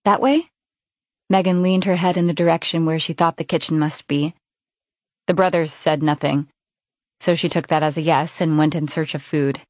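A woman narrating an audiobook in an even, clear reading voice. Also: sits low, normal speed, no room sound. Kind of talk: scripted narration.

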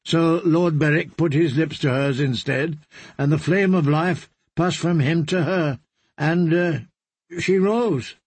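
A man's voice: fairly high pitch, slow, darkish tone, husky, no room sound. A man voicing a solemn priest telling of a grim event with reverence.

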